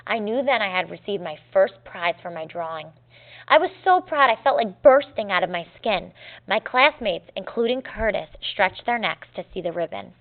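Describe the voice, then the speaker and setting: A woman teacher reading a story aloud to her students in a clear, measured, gently expressive way. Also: mid-range voice. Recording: tinny phone-like lo-fi recording.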